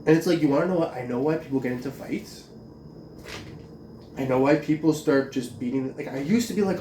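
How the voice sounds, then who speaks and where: A man's voice: medium pitch, brisk, dark tone, slight background noise. A man in a profane, agitated, rambling rant, filling his talk with "like". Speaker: vlogger. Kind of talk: ranting monologue. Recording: roomy, distant from mic, faint ambience.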